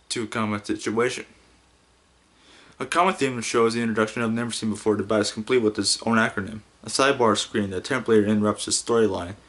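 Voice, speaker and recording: A man's voice: lowish voice, fairly bright tone. A man hosting a casual podcast monologue, rambling and stumbling over his words while giggling often. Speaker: podcast host.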